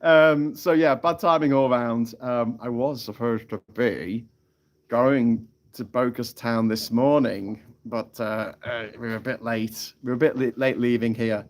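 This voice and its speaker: A man's voice: mid-range voice, fairly even intonation, measured pace. Rambling man on a live stream. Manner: chatty storytelling with frequent laughs and swearing. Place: outdoors on a tropical island. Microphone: phone.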